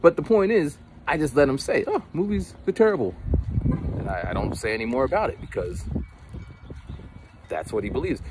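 A man's voice: mid-range voice, very animated, fairly quick, pauses often, background noise. A man talking outdoors in the cold in a casual, rambling monologue, often repeating words. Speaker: vlogger.

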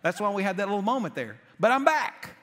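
A man's voice: high voice, sing-song, fast, a bit bright. A man preaching a sermon as pastor, telling stories in a jokey, conversational way. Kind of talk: humorous sermon. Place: church auditorium. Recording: long reverb of a church hall.

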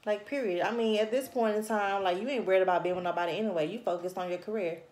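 A woman's voice: medium pitch, quick pace, a little mellow, echoey room. A woman reading tarot to camera in a blunt, scolding, heavily profane casual manner. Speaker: tarot reader.

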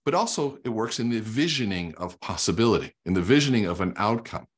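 Low, husky-voiced man coaching. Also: lively intonation, fast. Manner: storytelling with quoted dialogue, emphatic; teaching while drawing on a whiteboard. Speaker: guest speaker and sales coach. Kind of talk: energetic explanatory talk.

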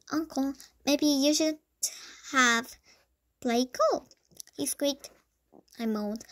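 A young woman reads a children's storybook aloud in a slightly high voice. She trips over words now and then and backs up to restart them, keeping an unhurried reading pace. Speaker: storybook reader.

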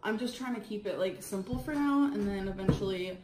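A woman vlogging casually to camera, chatty and excitable with frequent giggles. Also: mid-range voice, brisk, noisy background.

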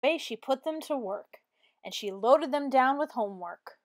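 A woman teacher reading a children's picture book aloud with expressive, animated narration. Her voice sits a little high and rises and falls in wide, lively swings. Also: normal speed. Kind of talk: read-aloud storytelling.

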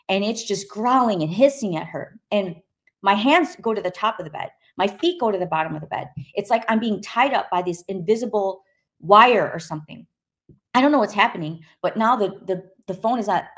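A woman's voice: mid-range voice, expressive, moderate pace. Woman telling a vivid personal testimony. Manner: vivid and emphatic, acting out quoted voices. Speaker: guest sharing a personal testimony.

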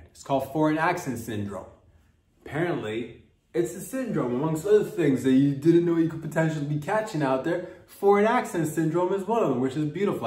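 A man's voice: a little high, darkish tone, recorded from a distance. Comic man, rambling and playful, heard from across a roomy space. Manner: playful, riffing, drifts into mock accents. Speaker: comedy podcast host. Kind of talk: rambling comedic monologue. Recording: roomy sound from off-mic.

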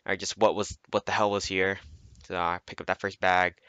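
Male gamer, casual rambling commentary, constant profanity, sharp tone. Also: deep voice, little pitch movement, normal speed, smooth, no echo, dull audio. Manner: rambling, heavy swearing. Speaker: gameplay commentator. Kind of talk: casual narration over gameplay footage.

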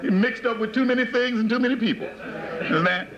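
A man's voice: very high-pitched, brisk, crowd noise. A man preaching to followers, emphatic and repetitive, firing rhetorical questions at them, on a dull 1980s tape with faint hiss. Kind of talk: sermon-like lecture to followers.

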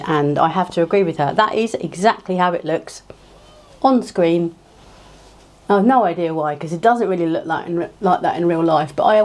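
A woman's voice: on the low side, a little mellow. A woman chatting casually to camera as she does her makeup, rambling with many fillers and restarts, recorded on a cheap clip-on mic at home. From England. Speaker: beauty vlogger. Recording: echoey room sound.

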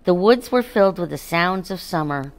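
A woman reading a children's chapter book aloud in a calm, gentle, unhurried way. Her voice sits fairly low for a woman. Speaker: narrator. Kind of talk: children's storybook read-aloud.

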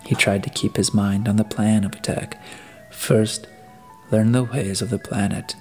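Low-voiced man reading an audiobook. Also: steady tone, darkish tone, soft background music. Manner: deliberate reading with occasional restarts. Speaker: audiobook reader. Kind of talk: audiobook narration.

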